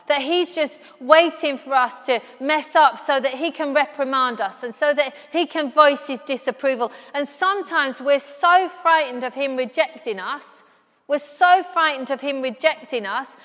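High-voiced woman preaching in a hall. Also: fairly bright tone. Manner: earnest, repeats key phrases for emphasis. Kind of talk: sermon. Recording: long hall reverb.

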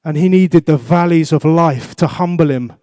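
A man's voice: fairly high pitch, normal speed, a little mellow, no room sound, studio quality. A man preaching a sermon as pastor, asking the congregation questions and repeating his exhortations.

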